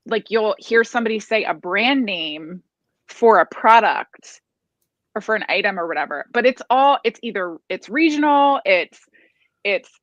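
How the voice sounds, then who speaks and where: A woman's voice: medium pitch, animated, moderate pace, fairly bright tone, dry recording, lo-fi sound. Woman, from the East Coast, panel guest, rambling talk, dry sound. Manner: chatty, rambling restarts. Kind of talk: casual panel chat.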